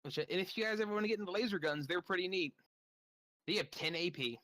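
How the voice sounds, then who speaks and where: A male game master with a bright, slightly high voice, casually walking players through rules and gear. He speaks loosely, with plenty of "uh" and easy enthusiasm. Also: quick pace, low-quality recording. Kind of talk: running a tabletop game.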